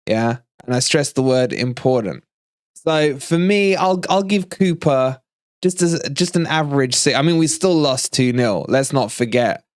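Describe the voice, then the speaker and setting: A man hosting a fan live stream, chatting casually, animated and teasing, with frequent laughs. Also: medium pitch, unhurried, no room sound, studio quality. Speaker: fan channel livestream host.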